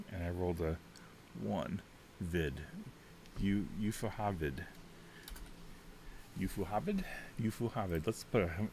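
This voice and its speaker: Low-voiced man rambling through a solo game. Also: vocal fry, slight background noise. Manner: rambling, chatty, thinks out loud with many fillers. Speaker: solo tabletop game player. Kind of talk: casual thinking-aloud game walkthrough.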